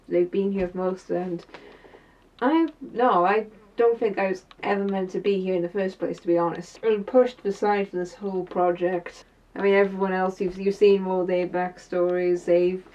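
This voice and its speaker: A woman as a sidelined young Welsh man, quiet, resigned, dull distant phone audio. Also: medium pitch, close to an everyday voice. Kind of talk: scripted character video diary.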